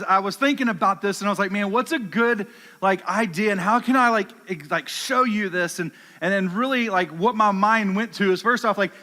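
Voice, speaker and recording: Casual male youth preacher, high bright voice, chatty with many fillers, hall reverb. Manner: talks to his dog in low soft commands. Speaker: youth pastor. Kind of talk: sermon.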